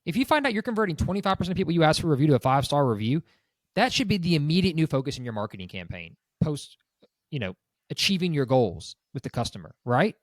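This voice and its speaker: A man's voice: fairly high pitch, quick pace, no echo. A man co-hosting a business podcast as a broker, chatting casually and acting out what clients say. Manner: animated, acts out clients' quotes.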